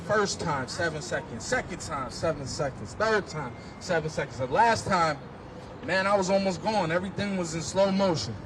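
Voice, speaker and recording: A man with a notably high voice gives impassioned personal testimony outdoors on a city street, telling his story vividly and pressing each point with emphasis. Faint traffic hum sits underneath. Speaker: speaker at a street march.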